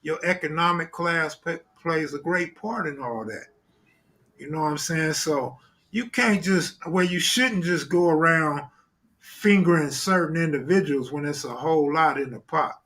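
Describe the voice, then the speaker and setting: High-pitched man in loose slang chat. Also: measured pace, a bit bright. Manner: loose street slang, repeats "you know what I'm saying". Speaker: co-host. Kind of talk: casual chat.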